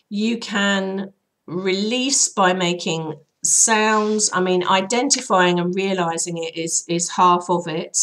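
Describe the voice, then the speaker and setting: A woman healer hoarsely guiding listeners through an emotional release process in a chatty, rambling way, with many fillers. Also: fairly low pitch. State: voice hoarse and troubled. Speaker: healer and channel host. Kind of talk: casual spoken guidance.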